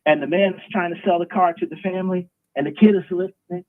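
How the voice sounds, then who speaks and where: A man's voice: high voice, fairly even intonation, quick pace. A man hosting a live stream, delivering an emphatic, preachy, provocative monologue. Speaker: host. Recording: tinny phone-like line.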